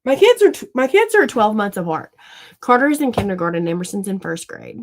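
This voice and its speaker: A woman's voice: medium pitch, sing-song, fairly quick, slight background noise. A woman in her thirties, a podcast co-host, chatting casually and telling long rambling stories about her kids, with plenty of swearing. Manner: rambling, profane storytelling. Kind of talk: casual chat.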